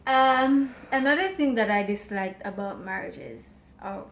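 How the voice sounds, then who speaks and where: A woman's voice: medium pitch, expressive, a little slow, a little hiss or hum. A woman chatting playfully with her husband about their marriage, talking freely and laughing often. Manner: self-described loud mouth. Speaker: co-host, wife. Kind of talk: casual chat about marriage.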